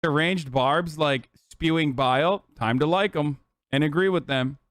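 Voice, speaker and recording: A male streamer reacting to clips in a casual, exasperated rant full of swearing. His voice is smooth and resonant and sits a little high. The sound is dry and close. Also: unhurried, no room sound. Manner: profane, exasperated, animated.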